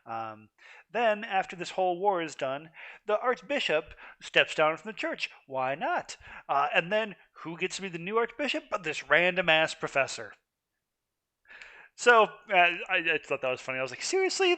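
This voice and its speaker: Guy rambling over a game recap, amused, bright voice, lots of ums. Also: medium pitch. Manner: rambling, amused, many fillers and restarts. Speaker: gaming video host. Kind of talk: casual commentary.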